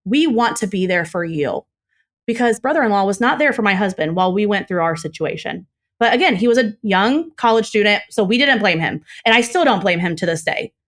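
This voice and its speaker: A young adult woman as a podcast guest, casually recounting a story and acting out the quoted dialogue. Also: quick pace. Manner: animated retelling, acts out quoted dialogue with higher pitch.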